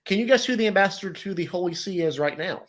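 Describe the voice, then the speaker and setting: A man's voice: high-pitched, expressive, quick pace. A man co-hosting an election stream, explaining facts in casual chat with many fillers and self-corrections.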